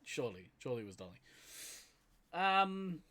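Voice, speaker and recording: A man's voice: fairly high pitch, very animated, moderate pace, bright, forceful tone. A man with a New Zealand accent, co-hosting a podcast in casual chat. He laughs often and trails off with fillers. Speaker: podcast co-host.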